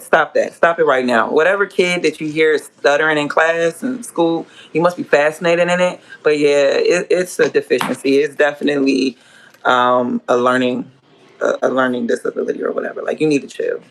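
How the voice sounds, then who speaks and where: This food vlogger has a deep, creaky voice with a steady tone and talks fairly quickly, though the audio is poor. Cooking at home during a casual livestream, she speaks bluntly, swears freely, scolds, and rambles.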